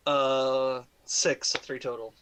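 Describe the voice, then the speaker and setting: Bright-voiced man, hesitant tabletop player. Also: mid-range voice, flat delivery, slow, slight background noise, rough recording. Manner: hesitant, lots of fillers. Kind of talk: casual tabletop game chat.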